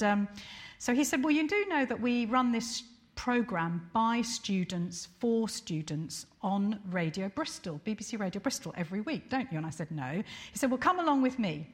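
A woman in her sixties telling anecdotes to an audience, animated and self-deprecating, with frequent fillers. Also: mid-range voice. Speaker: speaker recounting her career.

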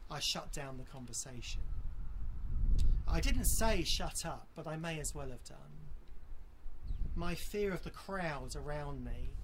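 Earnest preacher with slow emphatic refrains. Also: medium pitch, slight background noise. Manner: earnest, emphatic, repeats key phrases slowly for weight; appeals directly to listeners. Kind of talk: sermon.

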